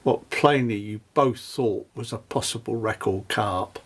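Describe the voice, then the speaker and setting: A man's voice: on the low side, measured pace. A man interviewing a guest, prompting him with leading questions.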